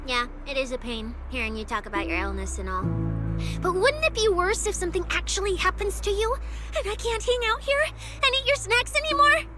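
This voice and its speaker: A woman's voice: extremely high pitch, very animated, brisk. An actress voicing Cecilia, a playful, food-loving young female public security specialist in a video game, teasing and joking as she talks. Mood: mock-stern. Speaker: game character. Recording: game audio with music behind.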